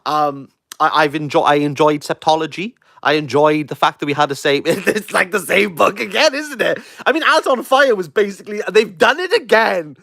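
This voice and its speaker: A Welsh man, a book reviewer, reacting live with excitable, jokey, self-mocking chat. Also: sits high, moderate pace, gravelly, hardly any pauses, no echo, studio quality. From Wales.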